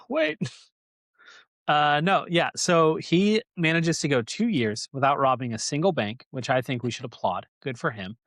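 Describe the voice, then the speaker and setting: A man's voice: on the high side, measured pace, a bit bright, no room sound. Rambling, jokey male podcast host. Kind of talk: casual chat.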